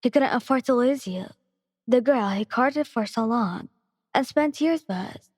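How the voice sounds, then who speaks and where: A woman narrating a fan-fiction story in a soft, steady ASMR reading voice. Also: on the high side, unhurried, husky, dry recording, studio quality, in a large hall.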